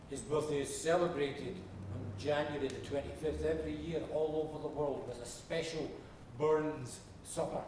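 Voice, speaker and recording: A man's voice: on the high side, background noise. A man with a Scottish accent from Ayrshire, chatting in a rambling, storytelling way between songs at a live show in a motel room. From Ayrshire, Scotland. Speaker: singer-songwriter introducing songs. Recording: very echoey room, distant mic, guitar. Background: acoustic guitar.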